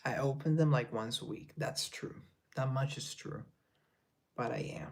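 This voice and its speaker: A man chatting on a relaxed live stream, taking his time over every answer. He reads the chat aloud and replies, sometimes slipping into a hushed whisper for an aside. His pitch sits in an ordinary middle range. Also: measured pace, gravelly.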